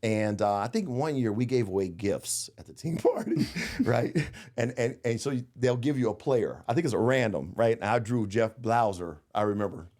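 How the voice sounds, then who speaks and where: Middle-aged male guest, lowish voice, lively swinging delivery, laughing storyteller. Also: moderate pace, hardly any pauses. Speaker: guest, former baseball player. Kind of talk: casual storytelling chat.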